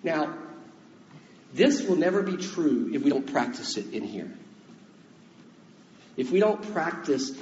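High-voiced man preaching in an echoey hall. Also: a little mellow, a little hiss or hum. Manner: conversational, asks the congregation questions. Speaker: pastor. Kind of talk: sermon. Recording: echoey hall, dull sound.

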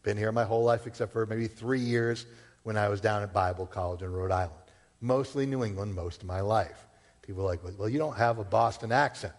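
A man's voice: fairly low pitch, a little fast. A man from Massachusetts, a pastor, preaching a sermon in a conversational way, with rhetorical questions and casual asides. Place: church. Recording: long hall reverb.

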